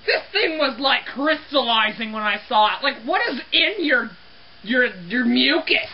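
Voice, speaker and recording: A young woman with a high voice that jumps all over the place, ranting to camera about her cleaning job. She sounds exasperated and keeps apologizing for getting worked up. The audio is dull and lo-fi. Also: animated, unhurried, a little hiss or hum. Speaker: restroom cleaner. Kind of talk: comedic rant to camera.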